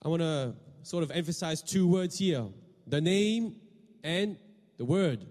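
High-voiced preacher man in a reverberant hall. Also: a little mellow. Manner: questioning the congregation, repeating words. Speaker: pastor. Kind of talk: sermon.

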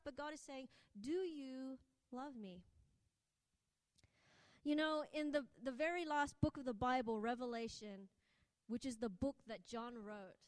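A woman preaching a sermon in an earnest, conversational way, restarting her phrases as she goes. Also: high-pitched. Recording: echoey hall.

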